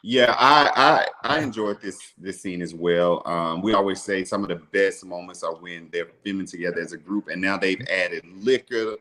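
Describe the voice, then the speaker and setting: A man's voice: low voice, normal speed, few pauses, pushed and bright, low-quality recording. A man on a casual recap panel, laid-back and slangy, often laughing.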